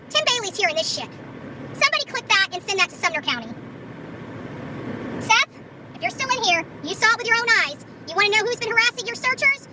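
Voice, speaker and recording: Very high-pitched angry woman taunting. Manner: angry, taunting, heavy cursing. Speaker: vlogger. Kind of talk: confrontational live commentary. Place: in a car outdoors. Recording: distant phone mic with loud traffic noise. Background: traffic and car sounds.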